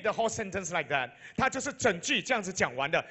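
A man with a Malaysian accent, a pastor preaching a sermon, repeating each point in two languages and building to loud, emphatic peaks. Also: sits high, sing-song, fast talker, hardly any pauses, husky, highs cut off. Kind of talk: bilingual sermon.

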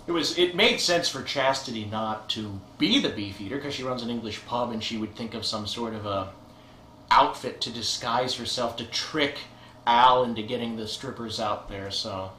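A man's voice: mid-range voice, moderate pace, pushed and bright. A man who directed the film, chatting through a commentary, pointing out scenes and laughing often. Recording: roomy echo, faint hiss.

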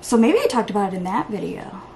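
A young woman chatting through her makeup routine in a get-ready-with-me vlog at home, rambling, excitable and laughing at herself. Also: medium pitch, fast, gravelly, a little hiss or hum. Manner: rambling and self-mocking, laughs often; excitable, hyper. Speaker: beauty vlogger.

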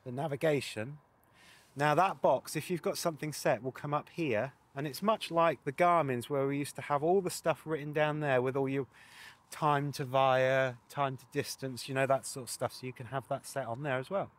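A man's voice: mid-range voice, steady tone, moderate pace. A man presenting a casual walkthrough of a motorcycle sat nav, chatty with wry asides.

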